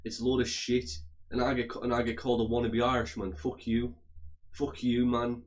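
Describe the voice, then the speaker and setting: A man's voice: mid-range voice, flat delivery, moderate pace. Swearing man in a heated rant. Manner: heated, swearing, repeats and restarts phrases. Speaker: vlogger. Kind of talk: angry profane rant to camera.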